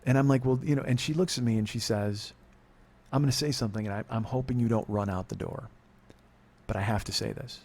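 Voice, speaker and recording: A middle-aged Californian man, a podcast host, delivers a confessional monologue in a medium-pitched, slightly mellow voice at a fairly quick clip. His long personal story rambles and turns profane, and he often breaks off mid-sentence.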